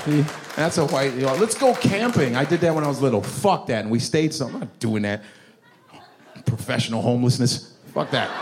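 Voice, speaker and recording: A man from Chicago doing profane, animated stand-up comedy, telling stories. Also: medium pitch, noisy background.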